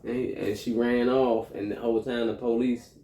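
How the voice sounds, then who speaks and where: A man casually retelling film scenes to his co-host, animated and a bit profane, acting out lines. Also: mid-range voice, moderate pace, roomy sound. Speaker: movie review co-host. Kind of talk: casual chat.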